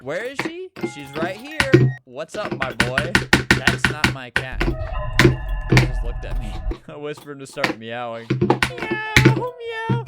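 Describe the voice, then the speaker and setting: A young man in his twenties riffs through gameplay with dark, deadpan humor. His voice swings widely up and down in pitch as he jokes and spins stories. Loud music plays behind him the whole time. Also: measured pace. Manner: dark deadpan joking, playful storytelling. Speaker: gaming video creator. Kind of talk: comedic gameplay commentary. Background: loud background music.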